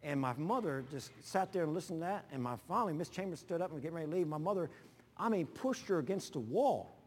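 Pastor guy preaching, folksy stories, gets loud all of a sudden, kinda high voice, big hall echo. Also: quick pace, breathy edge. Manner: folksy, animated storytelling with sudden loud bursts. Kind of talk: sermon with personal stories.

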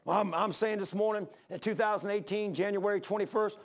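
A man's voice: high-pitched, steady tone, brisk. A man in his sixties preaching a sermon, pleading with repeated questions in plain, folksy speech. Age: 60s. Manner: fervent, repetitive pleading questions.

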